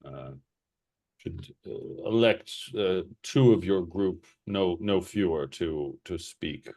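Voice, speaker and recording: Formal, hesitant noble envoy, low and slow, voiced by a man. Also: dark tone, dry recording.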